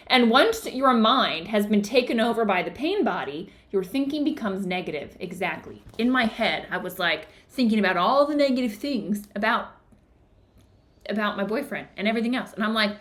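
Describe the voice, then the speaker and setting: A woman's voice: a little high, very animated, brisk, sharp tone. A woman hosting a book club discussion, telling a personal story in a chatty way with many fillers.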